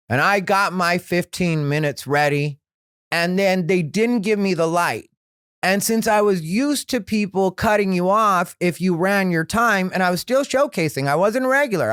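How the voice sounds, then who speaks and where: A male comedian hosting his own podcast, telling stories in a frank, rambling way that grows animated. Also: high-pitched, normal speed, smooth, no echo, studio quality. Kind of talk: candid solo podcast storytelling.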